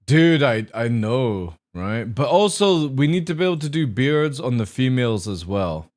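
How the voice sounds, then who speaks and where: A man's voice: medium pitch, sing-song, moderate pace, darkish tone. A man livestreaming a game, chatting casually with viewers in a crude, joking, rambling way. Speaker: gaming streamer. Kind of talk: casual live-stream chat.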